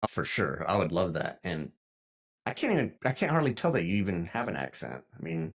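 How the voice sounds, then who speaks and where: A man's voice: deep voice, very animated, fairly quick, slightly rough. A man hosting a podcast, asking questions and reacting with enthusiasm. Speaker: podcast host. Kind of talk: casual interview.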